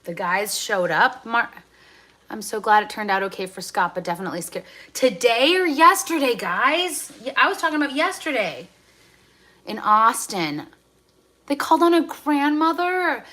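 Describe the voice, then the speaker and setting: A woman's voice: mid-range voice, expressive, moderate pace, sharp tone. Chatty woman livestreaming while cooking. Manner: chatty, reads viewer comments aloud, swings from cheerful to indignant. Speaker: livestream host. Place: home kitchen. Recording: faint background noise from frying food. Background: food sizzling in a pan.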